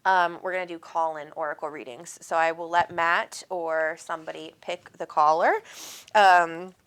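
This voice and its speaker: A woman's voice: on the low side, steady tone, normal speed, a bit bright, clear, resonant tone. Chatty Minnesotan woman livestream host. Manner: chatty and affectionate, many ums, greets viewers by name. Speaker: spiritual medium and livestream host. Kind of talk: casual livestream chat reading viewer comments.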